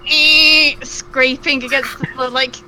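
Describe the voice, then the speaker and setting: Woman describing her rpg character, bright voice, light background noise. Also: fairly high pitch, fairly even intonation, unhurried, low-quality recording. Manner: hesitant, descriptive, many fillers. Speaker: player. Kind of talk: role-play narration and in-character talk.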